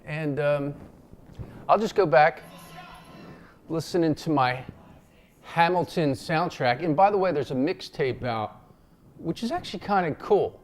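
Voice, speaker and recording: A man's voice: on the high side, lively intonation, a little slow, pauses often. Rambling, slangy man from Philadelphia. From Philadelphia, USA. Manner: rambling and loose, with many fillers, slang and swearing; acts out quotes in a raised voice. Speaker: vlogger. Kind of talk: casual unscripted talk to camera.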